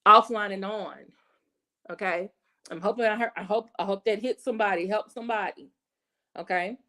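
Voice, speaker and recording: A woman's voice: medium pitch, moderate pace, bright, forceful tone. A woman hosting her own channel, talking in an emphatic, conversational way and often checking in with "okay" and "right". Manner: emphatic, repeats "okay" and "right", acts out quoted voices. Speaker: channel host. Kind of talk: casual commentary monologue.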